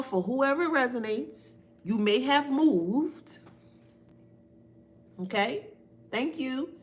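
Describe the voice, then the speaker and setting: A woman's voice: on the high side, fairly bright tone, slight background noise. A woman giving a casual spiritual reading on a live stream, emphatic and repetitive, thanking viewers by name. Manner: emphatic, repeats phrases, reads viewer names aloud.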